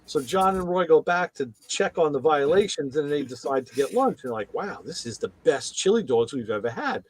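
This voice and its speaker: A man's voice: fairly high pitch, expressive, brisk, slightly rough, dry recording. A man chatting casually on a podcast, retelling TV episodes and acting out the characters' lines in raised voices. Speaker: podcast co-host.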